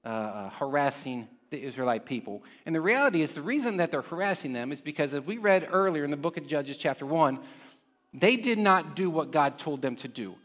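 A man's voice: on the high side, animated, brisk, fairly bright tone, big-room sound. A man preaching a sermon in a conversational way, often checking in with his listeners through rhetorical questions. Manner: conversational, with frequent rhetorical "right?" check-ins. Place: church sanctuary.

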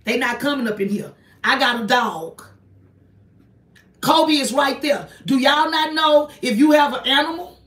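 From indoors in her small apartment, a woman running an online ministry preaches on a casual livestream, pressing her points and repeating them. She sounds high-pitched and fairly bright, a little slow, with lively intonation, and her off-mic voice echoes around the room.

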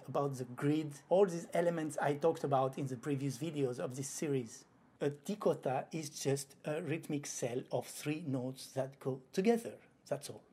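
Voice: medium pitch, darkish tone, slightly rough. A flamenco guitar teacher giving an online lesson, explaining patiently and voicing rhythm syllables aloud. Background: faint guitar playing.

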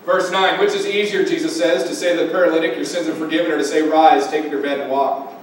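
A high-voiced male pastor preaches in a church sanctuary, pressing his point with questions to his listeners. His voice booms back from a very echoey hall, picked up from some distance by a room mic, with faint noise underneath. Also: fairly even intonation, fast. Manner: preaching with rising emphasis and direct questions to listeners. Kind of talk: sermon.

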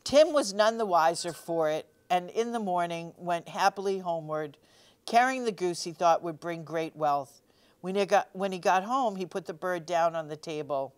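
A woman reading a picture book aloud for children's storytime, gently expressive and pausing to ask the listeners questions. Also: fairly low pitch, clean tone. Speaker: storytime reader.

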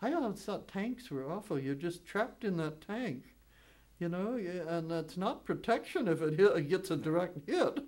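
A woman in her nineties, a WWII veteran, shares wartime stories in an oral history interview. Her pitch is fairly low and her pace moderate, and she chuckles often through lively anecdotes, rambling with many restarts and fillers.

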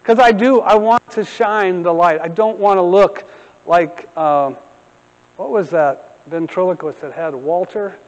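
The hall's lingering reverb follows this middle-aged pastor's high voice as he gives an unhurried sermon in the sanctuary, full of humorous storytelling and animated side remarks.

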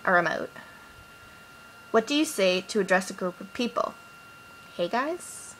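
A woman's voice: medium pitch, animated, a little slow, a bit bright, a little hiss or hum, poor audio. A woman in her twenties from Boston with a Boston accent, chatting casually and jokily as she reads out questions and answers them, recorded on an iPod mic. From Boston, Massachusetts. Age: 20s. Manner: casual and jokey, reading questions aloud then answering. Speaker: vlogger. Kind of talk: casual accent challenge vlog. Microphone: iPod built-in mic.

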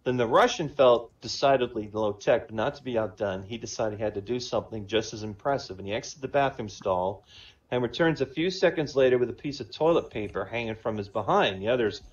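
A man's voice: mid-range voice, fairly quick, dull audio. A man telling a string of jokes in casual style, chatty and laughing at his own punchlines. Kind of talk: casual joke-telling on a voice chat. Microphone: online voice chat.

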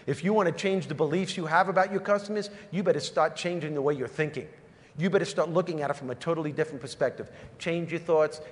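Emphatic New York keynote speaker. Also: male voice, a little high, breathy edge. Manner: punchy and emphatic, repeating key phrases. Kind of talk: motivational keynote speech. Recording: live talk in an echoey hall, faint room noise.

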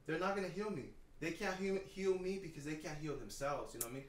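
A man's voice: fairly high pitch, fast, echoey room, distant mic, a little hiss or hum. A man co-hosting a podcast, talking candidly and emotionally, swearing freely and often adding "you know what I'm saying". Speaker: podcast co-host.

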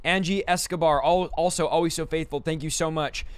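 Fast, bright-voiced male livestream host. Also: on the high side, fairly even intonation, smooth, dry recording. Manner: rapid, upbeat, stumbles over names. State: out of breath. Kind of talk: reading donor thanks on a livestream.

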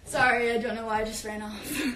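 A young woman with a high voice chats casually and rambles on a phone livestream while she tidies her bedroom. A steady hum of background noise sits under her voice. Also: fairly quick, rough recording. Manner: chatty and rambling, talks while tidying up. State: out of breath. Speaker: social media creator.

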